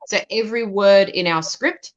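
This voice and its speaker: A woman's voice: medium pitch, normal speed. A woman, assistant director and narrator, answering questions at a live Q&A in a thoughtful way, often restarting her sentences. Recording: dull lo-fi sound.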